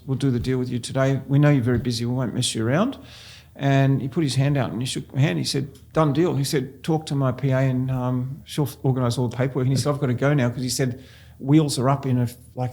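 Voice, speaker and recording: An Australian man, a real estate agent, telling anecdotes in a casual interview and often laughing as he goes. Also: medium pitch. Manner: animated storyteller, laughs while telling anecdotes.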